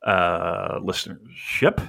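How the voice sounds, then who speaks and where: A man's voice: low-pitched, slow, creaky, bright, forceful tone. A man co-hosting a casual comedy podcast, rambling, swearing freely and laughing at his own jokes. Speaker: podcast co-host.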